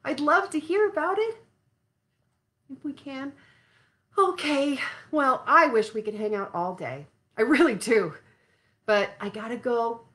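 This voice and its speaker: Woman, children's music host, high voice, slow gentle delivery, affectionate, home laptop mic. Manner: gentle, affectionate, talks slowly to small children. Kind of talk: livestreamed sing-along for young children. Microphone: laptop computer mic.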